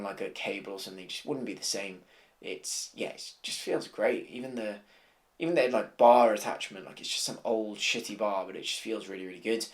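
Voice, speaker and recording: A man, talking casually as a vlogger and bodybuilder, relaxed and rambling, swearing offhand. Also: on the low side, no echo. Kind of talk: casual vlog chat. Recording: loud car and street noise behind.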